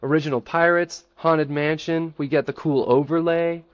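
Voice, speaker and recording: A man giving an enthusiastic, playfully boastful pitch in a casual group chat, then taking questions. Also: fairly even intonation, moderate pace, no echo, dull audio. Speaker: presenter defending a theme park in a group chat.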